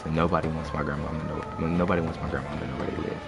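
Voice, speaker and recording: A man's voice: very deep voice, flat delivery, racing, creaky. A young man telling a story in a loose, slangy, rambling way on a casual live stream. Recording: music playing behind.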